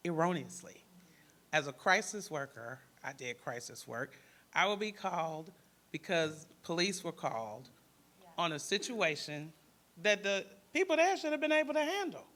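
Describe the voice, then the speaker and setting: Animated Detroit man telling a story. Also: high-pitched. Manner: animated storyteller acting out voices, casual speech. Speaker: panelist, former crisis worker. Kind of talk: storytelling panel talk.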